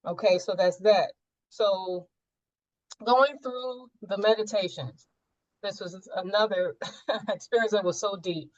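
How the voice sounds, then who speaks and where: A woman's voice: medium pitch, slow pace, long pauses, dry recording, lo-fi sound. A woman sharing a personal experience in a group coaching session, reflective and searching, with many fillers.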